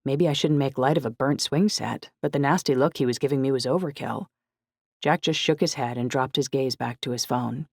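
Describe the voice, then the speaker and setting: Steady woman narrating a novel. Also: extremely low pitch, a little fast, gravelly, no room sound, studio quality. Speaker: audiobook narrator. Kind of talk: first-person scripted narration.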